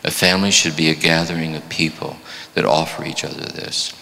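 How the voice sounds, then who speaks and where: Deep gravelly man in his seventies. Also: fairly even intonation, a little fast, pushed and bright. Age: 70s. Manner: reflective, repeating phrases for emphasis. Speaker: spiritual teacher. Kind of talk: spiritual talk. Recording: long hall reverb.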